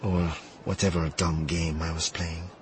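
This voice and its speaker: A man voicing a guarded young woman who speaks softly and wryly. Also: deep voice, little pitch movement, unhurried, slight background noise. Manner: soft, wry, hesitant. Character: guarded young woman softening toward a suitor.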